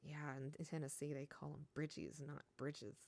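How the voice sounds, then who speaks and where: A woman's voice: low-pitched, flat delivery, a little fast, creaky, a little mellow, no echo. A woman from Kentucky with a Kentucky accent, chatting casually on a stream and reading out chat, rambling and laughing as she talks.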